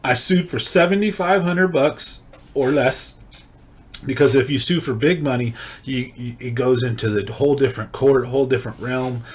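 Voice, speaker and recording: A man from California hosting a video, casually and excitedly retelling his own story. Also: mid-range voice, normal speed, breathy edge. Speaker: video host.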